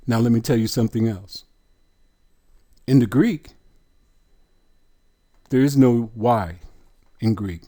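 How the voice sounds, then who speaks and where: A man teaching scripture line by line, deliberate and insistent, sounding out words syllable by syllable and asking rhetorical questions. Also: mid-range voice, dark tone. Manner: earnest and insistent. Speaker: bible teacher.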